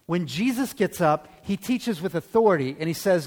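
A man preaching a sermon as pastor in a church, talking conversationally and checking in with the congregation through quick rhetorical questions. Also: sits high, animated, darkish tone. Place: church sanctuary. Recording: long hall reverb.

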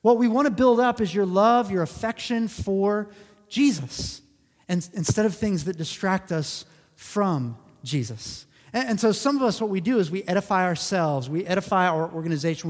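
A man's voice: sits high, darkish tone. A male pastor preaching a sermon in an earnest way, repeating phrases for emphasis. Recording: long hall reverb.

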